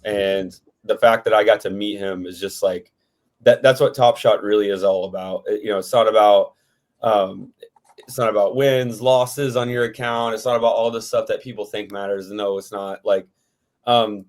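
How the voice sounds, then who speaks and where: A man talking casually as a podcast guest, rambling with many fillers. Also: lowish voice. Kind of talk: casual chat.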